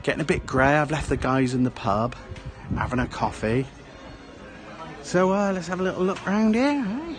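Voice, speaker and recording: A man strolls through a small town outdoors for a casual walking vlog, rambling and adding "eh?" as a tag question to his remarks. He speaks at a moderate pace in a fairly high voice, with faint music behind him.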